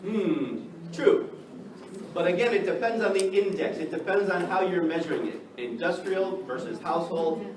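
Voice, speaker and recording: A man from the United States teaching an English class, lively and checking in with the students by asking "right?" again and again. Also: high voice, normal speed. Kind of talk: classroom lecture. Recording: echoey classroom from far off, noisy.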